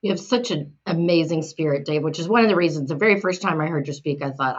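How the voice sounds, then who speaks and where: A woman's voice: deep voice, fast, slightly rough, highs cut off. A woman hosting an interview, speaking admiringly to her guest. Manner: admiring, warmly affirming. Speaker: interview host. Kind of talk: interview conversation.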